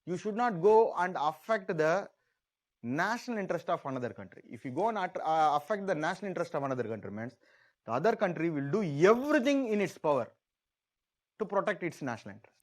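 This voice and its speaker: A man's voice: a little high, very animated, fast talker. A man teaching an exam-prep class, explaining in a repetitive, conversational way and often voicing a country in the first person.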